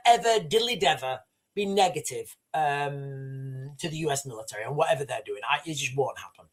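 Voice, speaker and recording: Emphatic high-voiced British man on livestream. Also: lively intonation, fairly quick, a bit bright. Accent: British English. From Britain. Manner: emphatic, repetitive, conversational, addresses chat directly. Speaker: livestream host. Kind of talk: casual livestream commentary.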